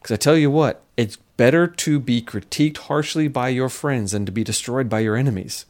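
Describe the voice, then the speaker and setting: A middle-aged man, a scientist and speaker, talking casually in an interview and telling lively stories. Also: mid-range voice, fairly quick. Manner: animated storyteller, acts out quotes, laughs often.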